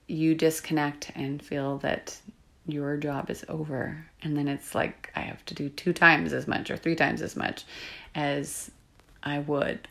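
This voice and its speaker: Low-voiced woman coach with vocal fry, soft and confiding monologue. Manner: soft-spoken, confiding, drifts into whispers. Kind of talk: reflective solo podcast monologue.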